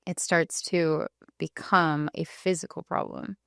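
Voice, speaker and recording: A woman with a fairly low, smooth and clear voice, talking through her ideas in an earnest, explaining way, often reaching for "like" as she goes. She is a guest in a relaxed podcast conversation, on a dry, close recording. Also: a little slow, no echo. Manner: earnest, explanatory, heavy use of "like" fillers. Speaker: guest, spiritual coach and energy healer. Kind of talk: casual podcast interview.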